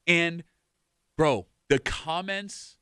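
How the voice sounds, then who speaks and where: A man hosting casual morning radio banter, animated and mocking. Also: on the high side, extremely slow, clean tone, dry recording, studio quality. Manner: animated, mocks old men's comments in loud put-on voices. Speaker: radio host. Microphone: studio microphone.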